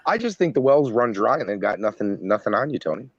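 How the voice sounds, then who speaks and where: A man's voice: lowish voice, sing-song, fast talker, husky, no room sound, muffled recording. A man co-hosting a podcast in casual chat, joking and laughing easily, repeating words as he starts sentences. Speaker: podcast co-host.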